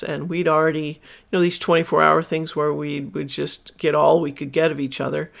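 A woman hosting her own podcast, speaking candidly and emphatically as she tells personal stories and gives advice as a sex educator. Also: low voice. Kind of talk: solo podcast monologue.

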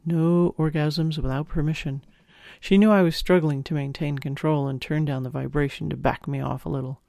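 A man reading a first-person audiobook in an intimate, expressive storytelling manner, close on the mic. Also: a little high, normal speed, gravelly, dry recording. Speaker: audiobook narrator.

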